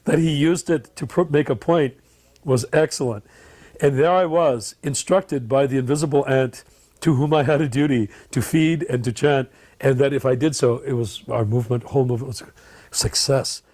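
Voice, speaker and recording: A man's voice: mid-range voice, fairly even intonation, normal speed, a little mellow. A man telling an anecdote with amusement, raising his voice for quoted lines. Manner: amused, laughing as he tells it. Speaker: disciple recalling his teacher.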